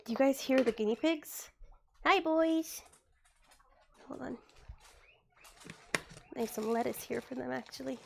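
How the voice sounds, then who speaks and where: A young woman's high voice with a gravelly edge, talking casually to her stream from a room at home. She is still getting over being sick and keeps up a chatty flow, thanking viewers and whispering little asides as she sorts things. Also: unhurried, pauses often, slight background noise. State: recovering from illness. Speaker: livestreamer. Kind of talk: casual livestream chat.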